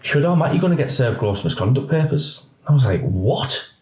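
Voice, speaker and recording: Man, middle-aged, podcast guest, animated storytelling, mid pitch, echoey room. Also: brisk. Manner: animated storyteller, acts out quoted voices. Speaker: police officer guest. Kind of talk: candid podcast interview.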